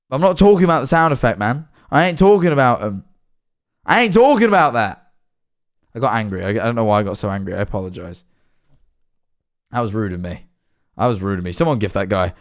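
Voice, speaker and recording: A man's voice: fairly low pitch, fast talker, pauses often. A man livestreaming and reacting to videos, rambling with lots of fillers, getting worked up and then sheepish. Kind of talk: casual live-stream commentary.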